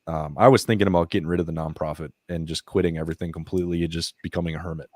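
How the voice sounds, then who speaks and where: A man with a low, deep voice talks as a veteran and nonprofit founder on a podcast. He tells his stories casually and candidly, swears freely, and lets his emotion show as he retells events. The sound is dry and close, with little room echo. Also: very fast. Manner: profane, emotional, animated retelling. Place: podcast studio.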